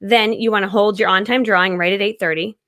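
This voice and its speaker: Bright, energetic woman hosting a live stream. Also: mid-range voice, quick pace. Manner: energetic and loud, laughs often. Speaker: host of a live-stream coaching session. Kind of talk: casual live-stream coaching talk.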